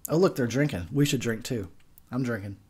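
A man's voice: medium pitch, fairly quick, a little mellow, husky. A young man giving a tipsy, profane movie commentary, rambling and laughing at his own jokes. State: tipsy from beer.

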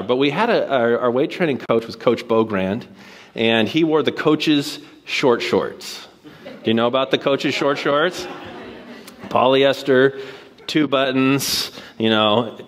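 A man in his early forties, from Washington State, preaching a conversational guest sermon and acting out the voices he quotes. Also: mid-range voice. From Washington State, USA. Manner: animated storytelling, acts out quoted voices.

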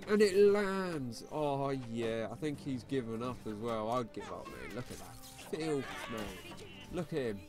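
A man's voice: medium pitch, lively intonation, measured pace. Laid-back guy over game music. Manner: laid-back, slangy, says "mate" constantly. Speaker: mobile game YouTuber. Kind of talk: casual gameplay commentary. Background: background music.

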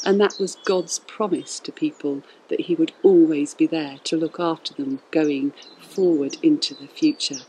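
A woman calmly explaining things to schoolchildren in a warm-hearted address. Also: deep voice, normal speed, few pauses, husky, poor audio. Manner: calm, explanatory.

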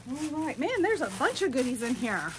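High-voiced gushing woman vlogger. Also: big pitch swings, normal speed, noisy background. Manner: gushing, sentimental, easily moved. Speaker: doll collector vlogger. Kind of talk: casual box-opening vlog.

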